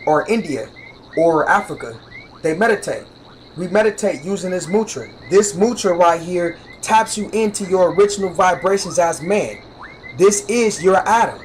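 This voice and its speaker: A man's voice: high-pitched, a little hiss or hum, rough recording. A man teaching spirituality on a livestream in a repetitive, profane, emphatic way, often asking "you know what I'm saying". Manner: emphatic and instructive, demonstrates with hand gestures. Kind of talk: preachy livestream monologue.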